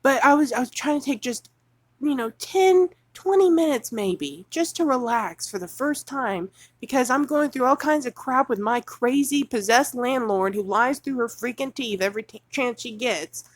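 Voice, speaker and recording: Woman, angry livestream rant, higher voice, dry close-up sound. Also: lively intonation, normal speed, slightly rough, no echo. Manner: furious, agitated ranting; reads news excerpts aloud and mocks them. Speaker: livestream host.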